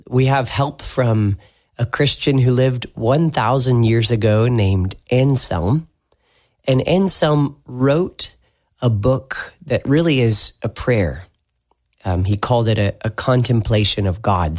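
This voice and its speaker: A man's voice: medium pitch, darkish tone. A man preaching a sermon, reading a psalm aloud, praying and then explaining it in an earnest manner. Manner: slow, earnest scripture reading and prayer. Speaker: pastor.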